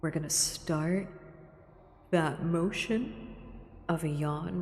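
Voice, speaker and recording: A woman streamer talking gently in a soft ASMR style, often slipping into a whisper. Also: low-pitched, slow, slight background noise. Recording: echoey room with long reverb.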